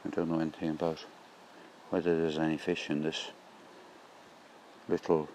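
A man's voice: low-pitched, fairly even intonation, unhurried, darkish tone, a little hiss or hum. A middle-aged man musing aloud in a rambling spoken diary, recorded outdoors beside a stream on a handheld phone. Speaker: vlogger.

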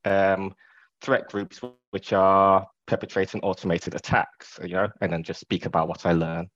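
Deep-voiced man, relaxed and wry. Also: normal speed, no room sound, highs cut off. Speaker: security researcher guest. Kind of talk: podcast interview.

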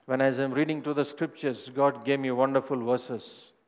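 A man's voice: mid-range voice, steady tone, normal speed, darkish tone, long reverb tail. A male pastor giving an earnest sermon and personal testimony, often repeating phrases as he builds a point.

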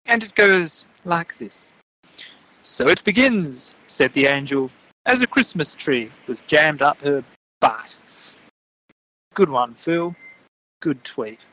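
A podcaster putting on a pompous, posh English gentleman with a monocle, reading in a stiff, overly formal way. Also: mid-range voice, expressive, takes it slowly, long pauses, exaggerated voice, poor audio. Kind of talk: mock-posh impression in casual chat.

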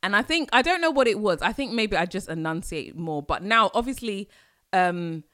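A woman from London with a London accent, hosting a casual solo podcast, chatty and animated with sudden exclamations. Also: mid-range voice, moderate pace. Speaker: podcast host.

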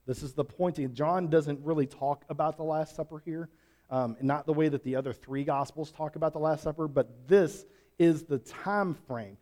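A man delivers a conversational Bible teaching in a folksy, rambling way. His voice sits a little high but sounds mellow and warm. He often restarts his sentences and adds asides. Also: normal speed. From Switzerland. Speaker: pastor.

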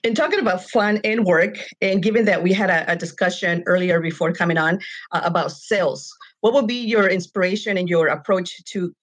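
Low-voiced female radio co-host. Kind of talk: radio interview.

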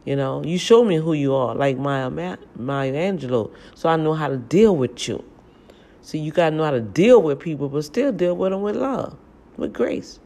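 A woman's voice: low-pitched, animated, normal speed, mellow. Chatty new lady vlogging from her kitchen, laughs at herself a lot. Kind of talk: casual storytelling vlog. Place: home kitchen, indoors.

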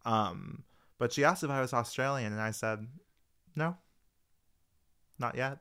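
A man co-hosting a podcast with a slight speech impediment that drops his R's, a New York-area accent, and dry, deadpan quips. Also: mid-range voice, unhurried, smooth. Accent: Long Island and Queens. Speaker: podcast co-host. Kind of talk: casual chat.

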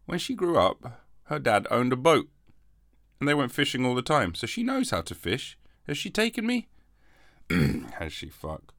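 A man's voice: mid-range voice, huge pitch swings, normal speed, a bit bright, no room sound, studio quality. A man hosting a comic solo podcast, rambling and mock-defensive, with a lingering cough after covid. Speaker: podcast host.

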